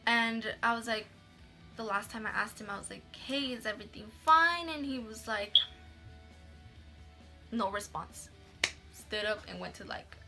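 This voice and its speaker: A woman's voice: fairly high pitch, bright, forceful tone. A young woman telling a story in a casual vlog, chatty, swearing freely and acting out the people she quotes.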